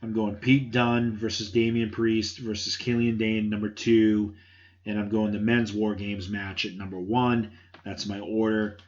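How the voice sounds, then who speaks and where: A man's voice: on the low side, flat delivery, a little slow, darkish tone. A man hosting a solo podcast, giving blunt, offhand opinions with casual swearing. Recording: dull lo-fi sound.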